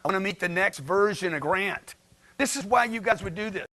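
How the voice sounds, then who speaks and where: Man, motivational speaker, high-pitched, sharp and bright tone, blunt, slangy, keeps asking the audience questions. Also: brisk. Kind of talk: motivational talk to a livestream chat.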